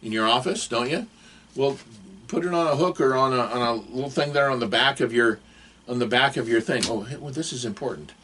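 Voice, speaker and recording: A man's voice: mid-range voice, brisk, bright, forceful tone, breathy edge. An older man giving advice in a casual, rambling, digressive monologue to camera.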